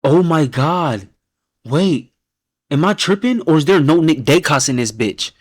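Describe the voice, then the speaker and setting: A man hosting a casual reaction stream who rates viewers' team picks, talking bluntly and with lots of swearing, laughing often and dropping to a low mumble when he reads out names. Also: expressive, measured pace, dry recording, clean studio sound. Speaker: host reacting to viewers' fan-picked football teams.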